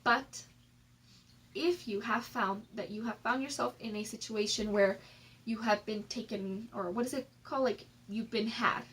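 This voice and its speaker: Recorded on a phone with rough sound, a woman gives casual personal development advice in a vlog. She's candid and chatty, using lots of "like" and "um." Her voice is fairly high, a bit bright and husky, at normal speed.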